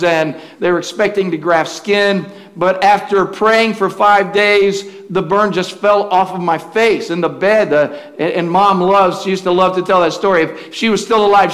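A man's voice: high-pitched, a bit bright. A man preaching a sermon as a pastor, telling stories in a folksy way and often restarting his sentences. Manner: folksy, storytelling, with frequent restarts.

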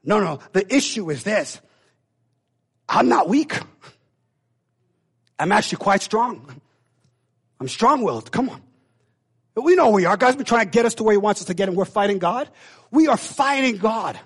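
A man preaching a sermon with impassioned delivery, swinging between loud calls and hushed, intense passages and acting out God's voice. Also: sits high, lively intonation, normal speed, pauses often, husky.

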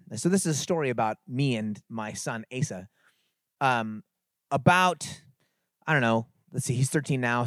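A middle-aged man from the San Francisco Bay Area, telling a story and preaching at a youth conference in an animated, conversational way. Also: mid-range voice, no echo, studio quality. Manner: animated, conversational, builds to emphatic exhortation. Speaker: conference speaker. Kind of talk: sermon-style storytelling talk.

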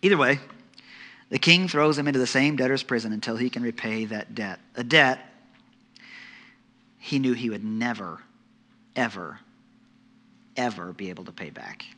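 Bright-voiced man preaching a sermon. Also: moderate pace, long pauses. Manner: dramatic, drops to soft low tones for emphasis and acts out voices. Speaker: pastor.

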